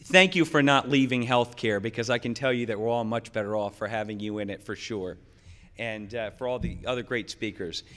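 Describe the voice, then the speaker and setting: Folksy middle-aged male keynote speaker. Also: medium pitch. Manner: folksy, joking and energetic. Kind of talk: conference keynote talk. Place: conference hall. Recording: long hall reverb.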